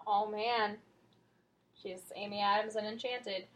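A woman's voice: medium pitch, steady tone, measured pace, crowd noise. A woman co-hosting a podcast, chatting casually with a joking, self-deprecating manner. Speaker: podcast co-host. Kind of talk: casual chat.

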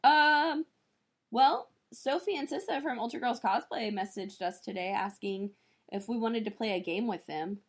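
Animated woman telling a story in casual chat. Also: fairly high pitch, normal speed. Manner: animated storyteller who acts out the people she quotes, with profanity. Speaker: podcast co-host.

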